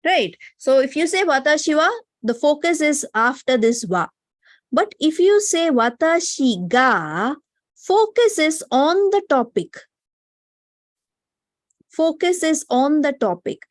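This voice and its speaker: A woman's voice: sits high, lively intonation, a little slow, dry recording, clean studio sound. A woman with an Indian English accent, teaching a Japanese grammar class. She explains patiently and keeps checking in with "no?" and "right?". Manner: explanatory, often tags sentences with "no?" and "right?". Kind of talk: online class lecture. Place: online class.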